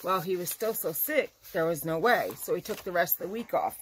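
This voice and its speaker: A woman crochet vlogger chatting casually to her viewers, telling an animated story. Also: lowish voice, a little fast, a little hiss or hum. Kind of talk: casual chat to camera.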